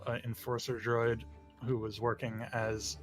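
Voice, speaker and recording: A man's voice: medium pitch, monotone, measured pace, soft background music. Rambling man running a tabletop game. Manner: rambling, laughs often, many fillers. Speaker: game master.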